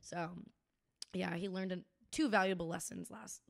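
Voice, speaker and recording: A woman's voice: lowish voice, fairly even intonation, moderate pace, gravelly. A young woman in her twenties co-hosting a podcast, telling stories in a chatty, casual way with plenty of swearing. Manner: chatty storyteller, swears freely, acts out quotes. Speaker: podcast co-host. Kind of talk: casual chat.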